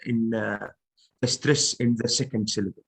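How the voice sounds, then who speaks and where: A man's voice: lowish voice, steady tone, normal speed, gravelly. A male student answering his teacher hesitantly in an online English lesson. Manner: hesitant, answers with short agreements.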